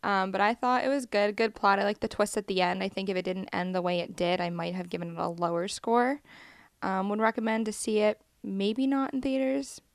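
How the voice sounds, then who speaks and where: Woman with a gravelly, dry voice. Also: medium pitch, fairly even intonation, brisk, no echo. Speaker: podcast guest. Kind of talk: casual chat about movies.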